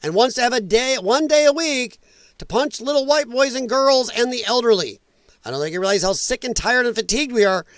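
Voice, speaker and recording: A man's voice: very high-pitched, lively intonation, brisk, a bit bright, no room sound, studio quality. A man hosting a commentary show, reacting to clips in an emphatic, repetitive, angry rant.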